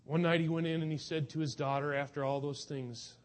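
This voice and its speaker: Male preacher, earnest and emotional, voice a little high, urging his listeners. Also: steady tone, a little fast. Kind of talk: sermon.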